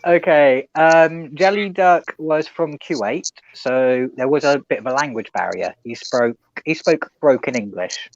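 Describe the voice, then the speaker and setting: A man's voice: mid-range voice, unhurried, hardly any pauses, no room sound. A man on a livestream guest spot, telling an anecdote in an easygoing way. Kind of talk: casual group chat, telling an anecdote. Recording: dry, dull lo-fi stream audio.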